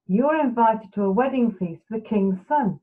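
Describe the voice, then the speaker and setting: A woman's voice: a little high, expressive, moderate pace, close to an everyday voice. A woman voicing an eager, self-important young male monkey in a bedtime storybook. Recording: tinny phone-like sound.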